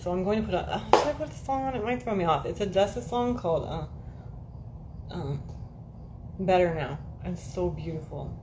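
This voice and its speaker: Woman, livestream host, casual rambling chat, profane, self-amused laughter, slightly low voice. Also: darkish tone, slight background noise. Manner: chatty, profane, laughs at herself often. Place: indoors at home, air-conditioned room.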